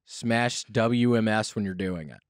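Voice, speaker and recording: A man's voice: fairly low pitch, no room sound. A man hosting a comedy podcast in a studio, playful and teasing. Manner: playful, teasing, quick asides. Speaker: podcast host. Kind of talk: casual comedy podcast chat.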